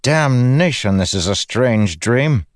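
A man's voice: mid-range voice, expressive, slow pace, no room sound, studio quality, voice pushed up. A man voicing a gray-haired older woman leader who talks bluntly and wryly. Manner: wry, blunt.

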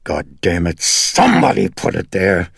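Man voicing a furious mother on the edge, shrill cracking yells, gravelly husky tone underneath. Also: very animated, unhurried, no echo, clean studio sound, exaggerated voice. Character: distraught middle-aged mother, furious and frantic.

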